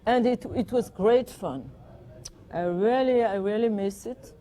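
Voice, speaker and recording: An older woman from France with a French accent, chatting in an interview and telling anecdotes with gentle amusement. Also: medium pitch, measured pace. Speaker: guest, performer. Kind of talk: reminiscing interview.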